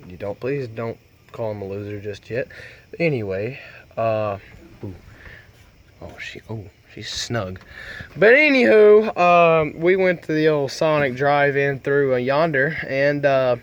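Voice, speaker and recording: A man's voice: mid-range voice, animated, measured pace, muffled recording. A young man showing off his old pickup truck in a rambling, jokey way, full of folksy slang. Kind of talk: casual joking truck review.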